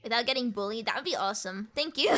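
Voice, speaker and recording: A young woman streaming and chatting with viewers, talking fast and giggling, with a mixed American and British accent. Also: a little high, lively intonation, sharp tone. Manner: rapid, giggly, repeats words. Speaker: VTuber streamer. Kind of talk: casual live-stream chat with viewers.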